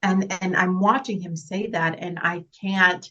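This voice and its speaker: A woman's voice: fairly low pitch, steady tone, unhurried, bright, forceful tone, muffled recording. A woman actress talking earnestly and emotionally about her work, laughing through tears at times. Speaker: actress guest. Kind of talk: emotional interview talk.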